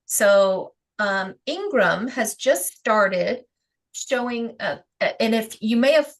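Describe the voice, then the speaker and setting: A woman with a Rhode Island accent hosts a live self-publishing Q&A stream, greeting viewers in a chatty, upbeat way full of fillers and little laughs. Her voice sits a little high, is expressive, and she takes her time.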